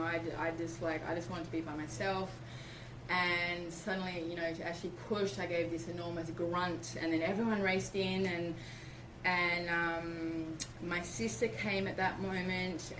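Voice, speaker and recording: Animated Australian-born woman telling a story. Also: fairly low pitch. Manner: animated, acts out quoted speech. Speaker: interview guest. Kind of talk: personal storytelling. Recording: roomy, distant mic, background noise.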